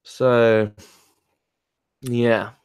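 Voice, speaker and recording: A man's voice: mid-range voice, flat delivery, very slow, a little mellow, smooth, dry recording, studio quality. A man ranting heatedly in casual talk, swearing and laughing as he reads and answers comments. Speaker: spiritual talk host reading chat.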